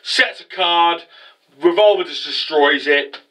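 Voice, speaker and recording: A man's voice: on the high side, slow, bright, forceful tone, recorded from a distance, poor audio. A man casually recapping an anime episode as a reviewer, rambling with lots of swearing and fillers. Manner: rambling, profane, many fillers.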